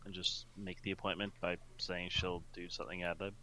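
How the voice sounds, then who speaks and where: A man's voice: deep voice, little pitch movement, brisk, sharp tone. A man playing a tabletop game, dry and facetious in his remarks. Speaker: player. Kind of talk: casual tabletop play.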